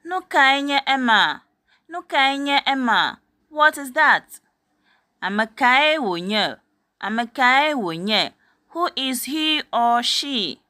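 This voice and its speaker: A woman's voice: high-pitched, expressive, slow pace, sharp tone, no room sound, clean studio sound. A woman teaching a language, saying each short phrase twice and then giving its meaning. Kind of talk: slow phrase-by-phrase language drill.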